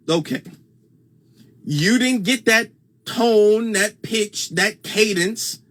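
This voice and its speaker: A man with a fairly high speaking voice hosts a casual livestream. He talks in a loose, conversational way and circles back over his points while reading comments aloud. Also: a bit bright. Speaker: host.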